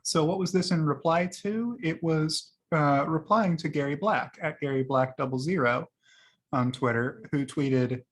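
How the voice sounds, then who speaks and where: A man's voice: a little high, measured pace. A man hosting his own video, casually talking through tweets he liked, rambling with many fillers and laughing at his own jokes. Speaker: video host.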